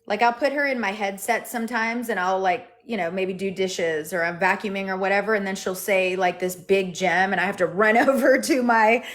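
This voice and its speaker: A woman's voice: medium pitch, moderate pace, few pauses. A woman chatting casually and enthusiastically on a live stream.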